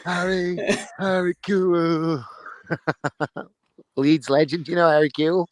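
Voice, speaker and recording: A man's voice: a little high, steady tone, measured pace, dry recording. A man co-hosting a podcast, swearing and laughing through casual banter. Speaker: podcast co-host.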